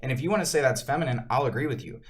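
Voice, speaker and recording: A man co-hosting a church podcast in casual conversation, speaking forcefully and insistently. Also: mid-range voice, animated, racing.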